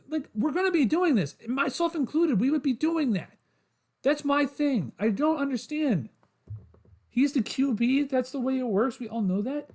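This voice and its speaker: Sports podcast host, man, very high voice, frustrated solo rant to chat. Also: lively intonation, moderate pace. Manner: frustrated, repetitive, addresses chat as guys.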